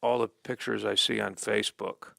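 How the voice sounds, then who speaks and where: A man's voice: lowish voice, little pitch movement, moderate pace, vocal fry, pushed and bright, no room sound. A man hosting a local sports talk show, interviewing a young wrestler in a chatty, jokey way. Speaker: host.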